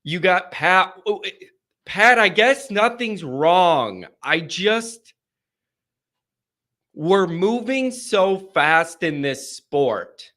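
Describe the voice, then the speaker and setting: Stuffed up guy hosting a call-in show, kinda high voice, keeps trailing off and starting over. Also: lively intonation, extremely slow, sharp tone. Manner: hesitant and searching, trailing off and restarting. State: stuffed up, congested. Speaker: sports show host. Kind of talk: live call-in show talk.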